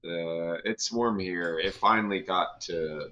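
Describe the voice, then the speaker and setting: A man chatting casually on a livestream, rambling with halting restarts. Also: low voice, sharp tone, muffled recording. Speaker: livestream co-host. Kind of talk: casual chat.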